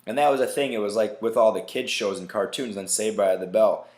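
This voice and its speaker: A man's voice: lowish voice, brisk, a little mellow. A man hosting a casual solo podcast, ranting emphatically with lots of swearing and constantly asking "right?". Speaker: podcast host. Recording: echoey room.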